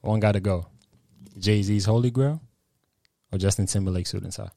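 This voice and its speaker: A man's voice: on the low side, normal speed, vocal fry, mellow, dry recording, clean studio sound. A man co-hosting a podcast in an easygoing, slangy way, introducing topics and games. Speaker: podcast co-host leading segments. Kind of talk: casual podcast chat.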